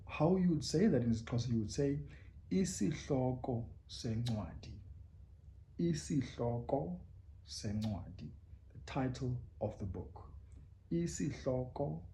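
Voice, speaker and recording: Man, language teacher, patient, slow syllable drills, repeat-after-me style, mid pitch. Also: mellow. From South Africa. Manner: invites listeners to repeat along. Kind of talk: bilingual pronunciation lesson.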